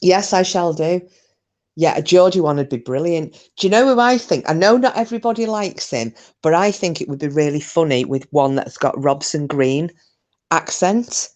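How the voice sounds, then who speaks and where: A woman from Scotland runs a casual live stream chat, her low voice a little mellow and her speed normal. She rambles jokily, with plenty of fillers and sentences she starts over.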